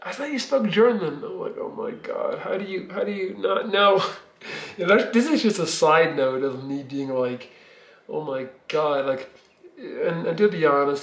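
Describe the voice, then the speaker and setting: A man's voice: on the high side, moderate pace, roomy sound. A Belgian man, telling a long, rambling personal story in a casual vlog from his living room, swearing freely. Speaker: vlogger.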